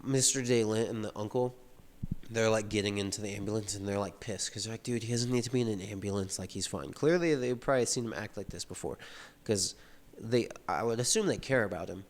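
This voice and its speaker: A man's voice: lowish voice, a little fast, a little hiss or hum. A man reading a novel aloud and talking through it in a loose, casual way, with lots of fillers. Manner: reads passages aloud then explains them loosely, many "like" fillers. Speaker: book reader and commentator. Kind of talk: casual read-along commentary.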